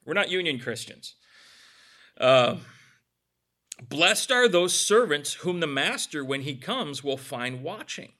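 Bright, conversational male pastor. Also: a little high, very animated, slow pace, pauses often. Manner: conversational preaching with asides. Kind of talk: sermon.

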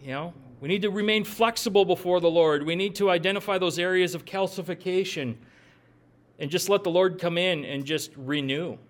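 A man's voice: sits high, normal speed. A middle-aged man, giving a folksy, conversational sermon that asks the listeners questions and makes joking asides. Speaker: pastor.

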